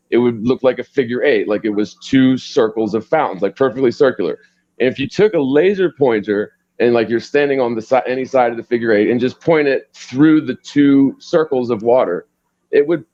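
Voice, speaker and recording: A man's voice: medium pitch, darkish tone, dry recording, lo-fi sound. A man telling a story in a casual panel discussion, rambling and full of "like" fillers.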